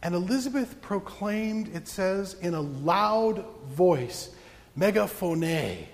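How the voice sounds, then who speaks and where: A man's voice: sits high, lively intonation, slow, long reverb tail. A male pastor preaching a sermon in a church, playful and joking with his congregation.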